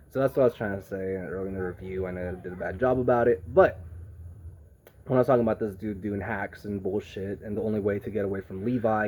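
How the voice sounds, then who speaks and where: A man giving a casual, rambling anime review, swearing freely and getting excited as he goes. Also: lowish voice, slight background noise.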